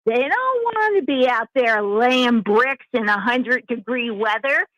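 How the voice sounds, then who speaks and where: A woman calling in to a live show, speaking forcefully and with emphasis. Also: a little high, lively intonation, measured pace, no echo, dull audio. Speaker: caller. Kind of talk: call-in commentary.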